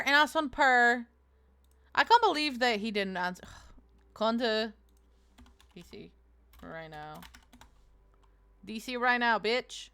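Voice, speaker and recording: A woman's voice: fairly high pitch, expressive, takes it slowly, pauses often, fairly bright tone, clear, resonant tone. A woman streaming a video game, chatting casually and swearing often. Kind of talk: casual gaming stream chat.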